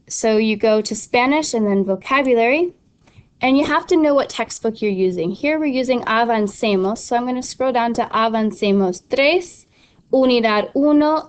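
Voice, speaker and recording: Chatty woman teacher walking through a site. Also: on the high side. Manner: casual, instructive, many ums and restarts. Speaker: Spanish teacher. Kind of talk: screen-recorded tutorial walkthrough.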